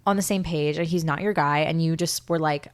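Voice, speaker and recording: A woman's voice: sits low, fairly even intonation, brisk. A young woman guest chatting casually as a supportive friend, often chiming in. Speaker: podcast guest, best friend. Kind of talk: casual chat.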